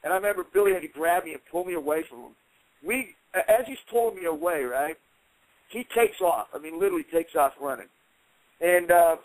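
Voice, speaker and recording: High-pitched, animated middle-aged man. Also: no room sound, low-quality recording. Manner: animated, heated retelling. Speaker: interview guest. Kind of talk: casual storytelling.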